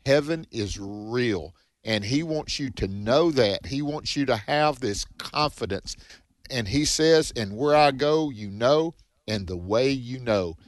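A man's voice: medium pitch, lively intonation, slow pace, no echo. A man co-hosting a radio Bible discussion, speaking emphatically and often restarting his phrases. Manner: emphatic, repeats words when starting phrases. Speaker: radio co-host.

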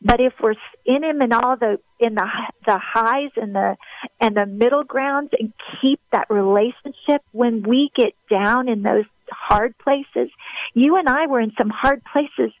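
A woman's voice: on the high side, a little slow, dry recording, phone-quality sound. A woman who leads a ministry, speaking earnestly and encouragingly in a heartfelt faith conversation. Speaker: ministry leader guest.

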